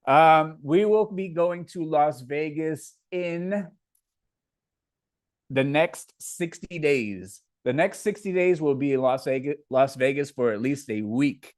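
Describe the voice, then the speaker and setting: A man's voice: a little high, takes it slowly, no echo. A man from Indiana, hosting a casual live Q&A and reading viewer comments aloud before answering them. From Indiana, USA. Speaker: livestream host.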